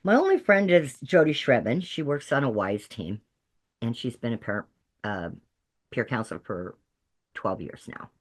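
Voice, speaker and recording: A middle-aged woman who works as a peer counselor, telling stories to a group in a lively way and acting out the voices of the people she quotes. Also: very deep voice, moderate pace. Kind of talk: storytelling talk to a peer audience.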